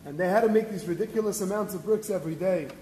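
High-voiced rabbi guy, earnest sermon, boomy hall echo. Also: fast, warm tone. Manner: earnest, explains with rhetorical questions and Hebrew quotes. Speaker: rabbi giving a Torah talk. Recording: echoey hall with faint noise.

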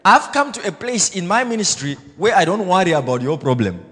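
A man pastor preaching a blunt, self-assured sermon, swinging between loud exhortation and quiet asides. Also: high-pitched, sing-song, brisk, breathy edge, big-room sound. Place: church hall.

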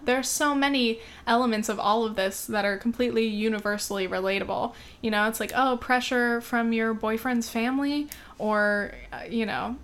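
Chatty woman with a highish voice. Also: a bit bright. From United States. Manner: chatty, full of "um" and "like", gets heated. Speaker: vlogger reviewing films. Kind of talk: casual chat.

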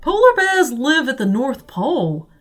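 Patient dad, measured and thoughtful; woman narrator plays him. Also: high voice, voice pushed up, full character voice. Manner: thoughtful and calm.

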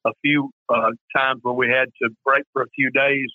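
A man's voice: mid-range voice, little pitch movement, normal speed, no echo. A man from Mississippi, a pastor calling in to a faith show, talking in an upbeat, enthusiastic way with some hesitations. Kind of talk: phoned-in call-in conversation. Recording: tinny phone line.

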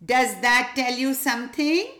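A woman's voice: high-pitched, unhurried, voice pushed up. A woman voicing a kind mother who patiently explains family traditions in a storybook reading. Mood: patient explaining. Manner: gentle, instructive.

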